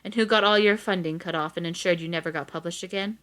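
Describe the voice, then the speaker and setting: A woman's voice: lowish voice, fast talker, a bit bright, lightly acted. A woman reading aloud as a poised middle-aged female official who speaks in a cool, direct way. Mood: cool, businesslike.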